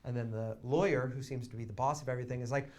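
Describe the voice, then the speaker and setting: A young man telling a long comic story on a theater stage, chatty and wry, shouting quoted lines for effect. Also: medium pitch, fairly even intonation, racing. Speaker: comedian. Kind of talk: live storytelling stand-up. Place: small theater stage with audience.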